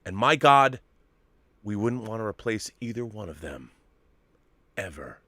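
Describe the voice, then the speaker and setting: A man co-hosting a casual live stream, talking in an animated, emphatic way and swearing freely. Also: lowish voice, unhurried, no echo. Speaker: co-host.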